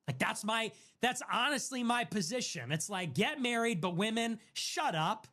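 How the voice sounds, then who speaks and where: High-voiced man ranting sarcastically. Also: very animated, moderate pace, sharp tone. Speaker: streamer. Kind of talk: casual stream commentary.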